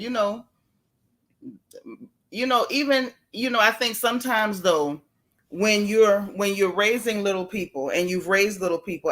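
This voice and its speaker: A woman's voice: mid-range voice, fairly bright tone. A woman hosting a casual livestream, chatting and greeting viewers by name with folksy asides. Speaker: YouTube livestream host.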